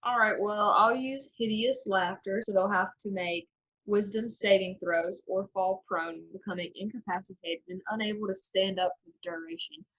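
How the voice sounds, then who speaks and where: A woman playing a tabletop game in a bright, sharp voice. She teases her friends playfully and explains her moves plainly. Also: mid-range voice, moderate pace, low-quality recording. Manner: teasing, playful. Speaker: player. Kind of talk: casual tabletop play.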